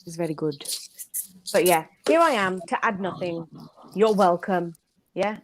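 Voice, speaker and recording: A woman's voice: on the low side, lively intonation, measured pace, slight background noise. A woman chatting casually as a panelist on a live online talk show, joking and laughing often. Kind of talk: casual chat.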